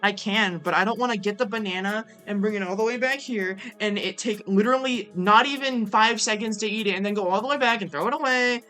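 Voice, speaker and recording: Bright, chatty young woman streamer. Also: medium pitch, brisk, hardly any pauses. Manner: chatty, self-mocking, swears casually. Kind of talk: casual game commentary.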